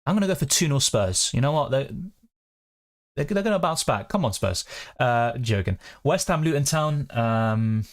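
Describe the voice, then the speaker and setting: A young man hosting a live question-and-answer stream, chatting quickly and reading out viewer comments. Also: mid-range voice, animated. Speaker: fantasy football streamer.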